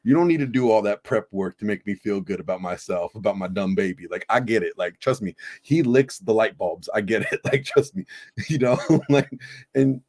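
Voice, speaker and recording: A middle-aged man co-hosting a reaction show, telling stories in a loose, animated, profane way. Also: fairly low pitch, moderate pace. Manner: animated storyteller, swears freely. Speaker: podcast co-host reacting to a video. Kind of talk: casual profane reaction chat.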